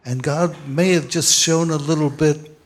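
A man's voice: fairly high pitch, steady tone, unhurried. A man in the congregation, tentatively offering an idea to the pastor. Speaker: congregation member. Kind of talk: comment from the audience.

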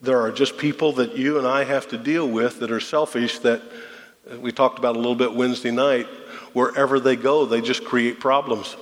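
A man's voice: mid-range voice, steady tone, moderate pace. A man pastor delivering a folksy, conversational sermon, full of rhetorical questions to the congregation. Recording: long reverb of a large hall.

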